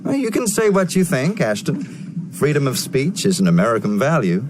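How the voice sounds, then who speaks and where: A man's voice: mid-range voice, moderate pace, close to an everyday voice. A man playing a patient, probing history teacher. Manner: calm, questioning. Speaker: teacher in textbook dialogue. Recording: textbook audio with background noise.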